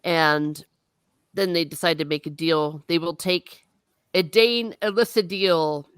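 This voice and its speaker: Woman, low voice, slow unhurried delivery, dry close sound, chatty book-club host. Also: fairly even intonation, smooth, no room sound. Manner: chatty plot recap, swears casually. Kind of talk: casual book discussion.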